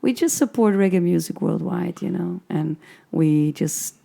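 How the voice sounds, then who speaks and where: A woman from the Netherlands, a guest DJ, talking in a hoarse voice in a casual, enthusiastic interview chat. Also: fairly low pitch, measured pace, dark tone.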